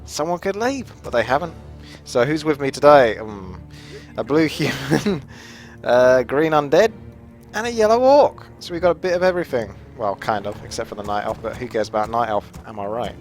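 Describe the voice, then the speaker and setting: A man's voice: medium pitch, moderate pace, faint music behind. A man from Australia with an Australian accent, giving chatty, jokey commentary on a strategy game as he plays and thinks aloud. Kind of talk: casual gameplay commentary.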